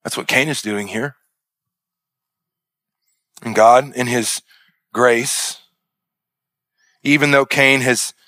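A man's voice: medium pitch, bright, forceful tone, no room sound. A male pastor preaching a sermon with emphatic delivery and repeated parallel phrases.

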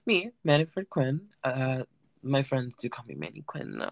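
A man hosting his own podcast, talking in a camp and playful way that rambles through fillers and asides. His voice sits at an ordinary middle pitch. The sound is dry and close, with no room around it. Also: big pitch swings, moderate pace, gravelly, no room sound. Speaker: podcast host. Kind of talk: casual solo recap podcast.

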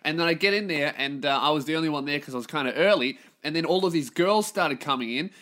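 A man's voice: fairly high pitch, quick pace, sharp tone. An Australian man, a stand-up comedian hosting his own podcast, telling stories in a profane, rambling way and laughing at his own jokes. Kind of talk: casual comedic storytelling monologue.

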